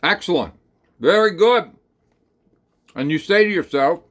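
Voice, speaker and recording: A man's voice: high voice, very animated, a little slow, long pauses, a bit bright. Man telling a rambling second-person story. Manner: rambling, folksy, hesitant with many fillers. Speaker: channel host.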